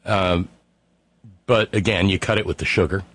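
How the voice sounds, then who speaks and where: Low-voiced radio host, halting storyteller. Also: male voice, fairly even intonation, a bit bright. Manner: halting, restarting, rambling storyteller. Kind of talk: casual radio chat.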